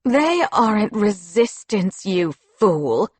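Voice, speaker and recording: A woman's voice: medium pitch, very animated, slow pace, breathy edge, no echo, heavily acted. A woman reading an audiobook, voicing a venomous, scheming female official who spits her words through gritted teeth. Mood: seething.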